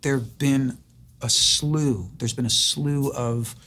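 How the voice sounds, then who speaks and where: A man's voice: medium pitch, fairly even intonation, slow, fairly bright tone. An older man hosting an interview, asking long reflective questions that he builds up with stories of his own. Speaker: host. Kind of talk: interview conversation.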